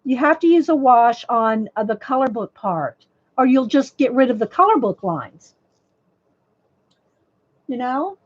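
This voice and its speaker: A woman's voice: fairly high pitch, very animated, a little slow, pauses often. A woman chatting casually on a live stream as she teaches colored-pencil drawing, rambling with many restarts and talking to viewers by name; her voice crackles a little. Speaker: livestream art host. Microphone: desk microphone. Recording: dull dry lo-fi mic audio.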